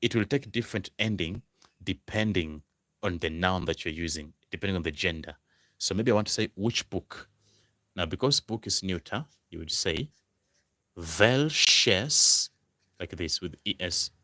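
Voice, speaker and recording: A male tutor talks through a lesson in a low register, taking his time. He says each phrase more than once and breaks it into single words. His voice sounds dry and close, with no room echo. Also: animated, bright, forceful tone. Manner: slow, repeats each phrase word by word. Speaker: German tutor. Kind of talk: language lesson.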